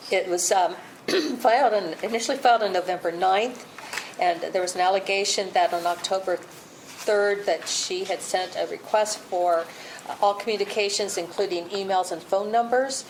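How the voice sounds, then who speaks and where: A woman on a public board's staff reading through a case report at a meeting, steady and procedural, saying she is losing her voice. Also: mid-range voice, moderate pace, a little hiss or hum, poor audio. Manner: steady, procedural, with fillers and restarts. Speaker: board staff presenting cases.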